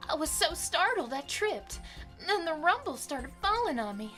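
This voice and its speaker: A woman voicing a timid young female witness in a gentle Southern accent, reading from a game's text. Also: sits high, big pitch swings, moderate pace, faint music behind, voice pushed up. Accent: Southern US, put on. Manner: soft, gentle reading of testimony.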